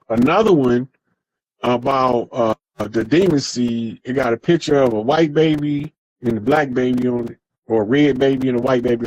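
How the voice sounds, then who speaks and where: A man's voice: mid-range voice, a little mellow, no echo. A man talking in a casual, profane monologue, telling stories with heavy emphasis. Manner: profane, emphatic street storytelling. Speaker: podcast speaker.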